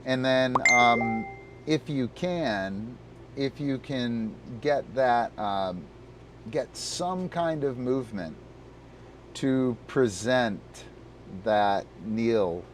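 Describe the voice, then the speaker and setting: A man's voice: medium pitch, lively intonation, extremely slow, a little hiss or hum. A man hosting a live disc dog coaching stream. He explains moves with many fillers and breaks off to talk to his dog. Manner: rambling, full of fillers, talks to his dog between explanations.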